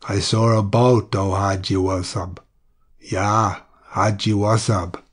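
A soft-spoken helmsman who is gentle in tone yet keeps pressing his point, read by a man in an audiobook. The voice has a husky edge. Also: lowish voice, little pitch movement, slow. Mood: insistent. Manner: gentle and insistent.

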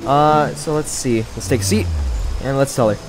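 A man giving excitable let's-play commentary, often breaking into high yelps and laughter. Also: normal speed, loud music behind the voice. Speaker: gaming video creator. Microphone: new microphone.

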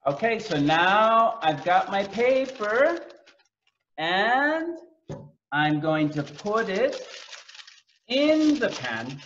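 A man with a fairly high, lively voice teaches a cooking lesson, drawing his words out very slowly and repeating each one for learners. The sound is echoey and a little dull. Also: slight background noise. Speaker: English teacher.

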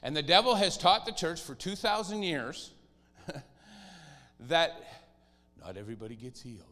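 Animated preaching man in a reverberant church. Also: on the high side, measured pace. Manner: animated preaching, acting out whiny voices. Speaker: pastor. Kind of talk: sermon.

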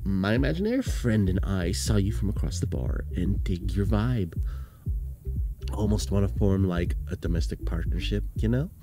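A man's voice: sits low, lively intonation, normal speed, music in the background. A man voicing a manic, bubbly young female hipster rat from a game, rambling on.

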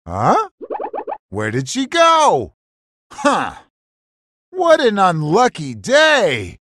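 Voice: medium pitch, huge pitch swings, very slow, noisy background, full character voice. A performer voicing a hungry, bumbling carnivorous dinosaur villain in a cartoon, blustering and huffing between greedy boasts. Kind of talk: cartoon voice acting.

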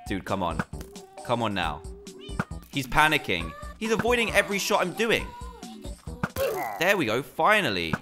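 A young British man giving excitable commentary while playing a game. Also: medium pitch, moderate pace, long pauses, over music. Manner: excitable, animated reactions. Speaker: gaming YouTuber. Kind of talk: gameplay commentary.

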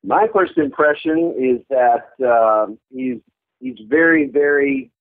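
A man in his thirties, a voice actor chatting in an interview, animated and laughing often as he slips into quick character voices. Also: medium pitch. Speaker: voice actor guest. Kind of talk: casual interview chat. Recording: tinny phone-like archive audio.

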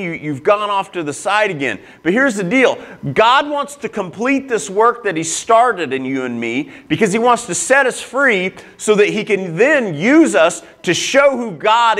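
Lively-pitched man preaching a sermon. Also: normal speed, hardly any pauses. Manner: earnest, emphatic preaching with repeated phrases; personal and confessional, with frequent restarts. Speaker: pastor.

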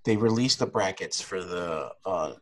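A man co-hosting a podcast chats casually and rambles, with lots of fillers and restarts. His voice sits low and he speaks a little slowly.

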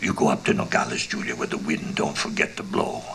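A man voicing a hospitable one-legged innkeeper in a dramatized audiobook, with a hushed, musing way of talking. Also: very deep voice, steady tone, a little fast, vocal fry, a little hiss or hum, voice pushed down, exaggerated voice, poor audio. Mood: warm. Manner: hushed, sinister musing, slips into whispers.

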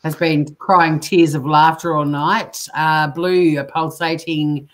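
A woman's voice: low-pitched, flat delivery, takes it slowly. An Australian woman hosting a casual comedy live stream, playful and laughing as she reads chat aloud.

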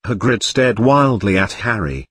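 A man narrating a parody storybook in a deadpan, steady reading. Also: fairly low pitch, unhurried, slightly rough, no echo.

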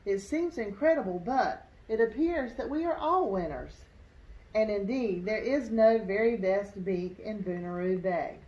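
A woman voicing a darter bird who speaks calmly and matter-of-factly. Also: mid-range voice, a little slow, lightly acted. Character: calm wise darter bird. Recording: roomy echo.

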